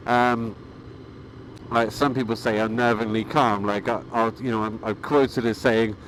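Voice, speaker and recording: Calm rambling man, faint traffic. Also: medium pitch, measured pace, poor audio. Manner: calm, rambling, with frequent fillers and restarts. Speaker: motorcycling vlogger. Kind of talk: casual vlog monologue.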